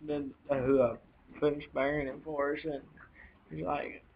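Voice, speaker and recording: Young man, tearful vlog confession, slightly high voice, halting with sighs, muffled lo-fi audio. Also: level tone, gravelly, a little hiss or hum. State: choked up, on the edge of tears. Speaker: vlogger. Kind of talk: emotional personal account. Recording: dull lo-fi home video audio.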